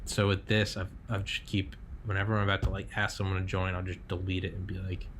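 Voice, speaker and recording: Rambling casual man with a lowish voice. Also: monotone, quick pace, fairly bright tone, a little hiss or hum. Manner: rambling, heavy on fillers and swearing. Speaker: podcast host. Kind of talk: casual chat.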